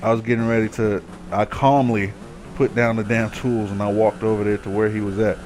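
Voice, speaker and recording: A man's voice: on the low side, little pitch movement, a little fast, a little mellow. A man casually telling a long story over gameplay, cursing freely, rambling and growing heated as he rants. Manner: profane, rambling, gets heated while ranting. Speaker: gaming commentator.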